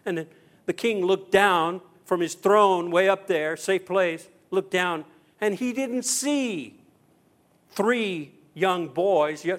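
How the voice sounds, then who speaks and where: This middle-aged man, his voice on the high side, preaches as a pastor. His sermon weaves in stories with dramatized quotes, and his volume shifts from loud to hushed.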